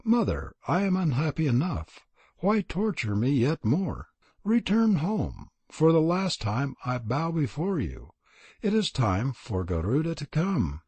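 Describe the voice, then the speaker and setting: Man doing a solemn young serpent prince, husky, kinda raised voice. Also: on the high side, huge pitch swings, unhurried, darkish tone, no echo, voice pushed up, heavily acted. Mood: resigned. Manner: earnest and solemn.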